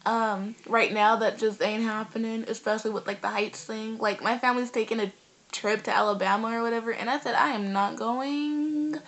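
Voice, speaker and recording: A woman's voice: on the high side, brisk. Chatty teenage girl. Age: teens. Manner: animated, rambling, lots of fillers. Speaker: vlogger. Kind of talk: casual storytelling vlog.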